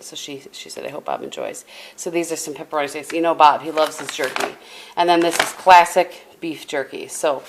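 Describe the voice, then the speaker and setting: Chatty middle-aged woman in echoey room. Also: on the low side. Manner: chatty, rambling, with many restarts. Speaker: vlogger. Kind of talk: casual chat to camera. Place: at home indoors. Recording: echoey room with faint background hum.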